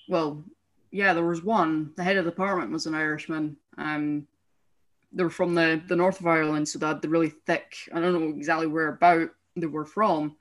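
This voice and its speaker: A woman's voice: deep voice, fairly bright tone. Chatty woman telling school stories. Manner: laughing often while telling stories. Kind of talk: casual chat.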